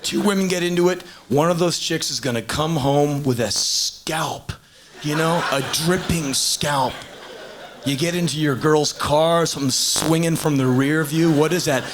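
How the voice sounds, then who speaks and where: A man's voice: on the high side, a little slow. A man in his thirties doing a blunt, punchy stand-up monologue on stage, swinging into acted voices, on a hissy live tape. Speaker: stand-up performer. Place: stage in a large venue.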